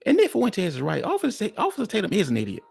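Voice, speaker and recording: A man's voice: high-pitched, wildly swooping pitch, fast talker, gravelly, darkish tone, slightly rough. A man hosting a reaction commentary, talking bluntly and mockingly to his viewers. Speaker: commentary host.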